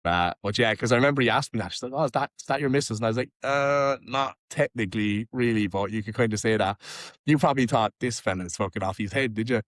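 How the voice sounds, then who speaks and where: Tipperary irish guy, lowish voice, chatty storyteller, swears a lot, dry close sound. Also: quick pace, no room sound. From Ireland. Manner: lively storytelling, frequent swearing. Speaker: podcast host. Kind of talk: casual chat.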